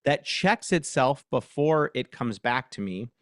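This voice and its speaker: A man's voice: medium pitch, animated, measured pace, a bit bright, no room sound. Chatty man hosting a dry-sounding live workshop. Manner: chatty, self-mocking, dictates prompts aloud. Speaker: host.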